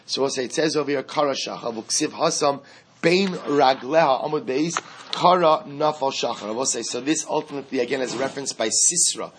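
A man's voice: mid-range voice, a little fast, a little hiss or hum. A man teaching a Talmud class, reading out Aramaic phrases and translating them in a conversational way, often restarting. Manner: reads Aramaic and translates line by line, conversational asides.

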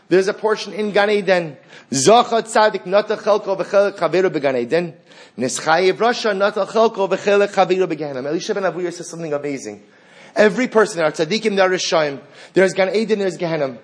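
A man giving a Torah class lecture, asking rhetorical questions, repeating phrases for emphasis and mixing Hebrew and Aramaic terms into English. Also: high-pitched. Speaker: Torah teacher.

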